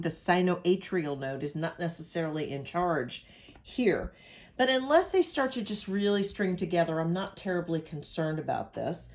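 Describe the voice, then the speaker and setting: A woman's voice: fairly low pitch, darkish tone. A woman from Pennsylvania giving a recorded lecture as an instructor, talking in a conversational way with analogies and asides. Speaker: nursing instructor.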